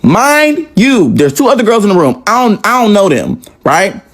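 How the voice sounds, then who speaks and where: A man with a fairly high voice tells a personal story in a loose, unscripted monologue. His delivery is animated and dramatic, and he swears freely as he builds each beat. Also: moderate pace.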